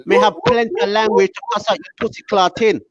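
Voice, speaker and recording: A high-voiced man from Africa throws repetitive, mocking insults and swears in heated comedic banter. He hammers at the same taunts over and over. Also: very animated, a little fast, no room sound, lo-fi sound. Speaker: show regular.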